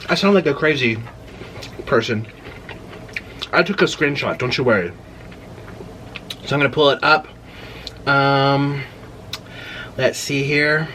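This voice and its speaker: A young man hosting a casual eating vlog, talking freely and letting out loud exclamations as he tries spicy food. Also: mid-range voice, expressive, normal speed, pauses often, a little hiss or hum. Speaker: mukbang host.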